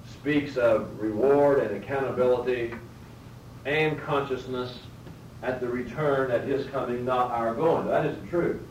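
A man's voice: lowish voice, a little mellow. A man teaching a Bible class, explaining step by step, often rephrasing and putting questions to his listeners. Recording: roomy, distant mic, faint background noise.

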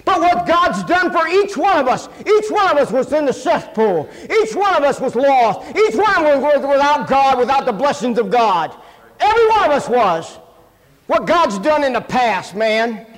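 Brief: high-voiced male preacher, animated, self-mocking, booming hall. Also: moderate pace. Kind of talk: sermon with personal stories. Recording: long hall reverb.

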